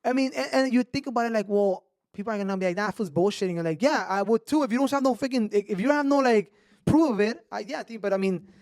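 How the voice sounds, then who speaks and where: Brief: animated male podcaster, quick high voice, swears freely. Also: dry recording, clean studio sound. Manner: animated, swears a lot, mixes in Spanish slang. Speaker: podcast host. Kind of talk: casual storytelling chat.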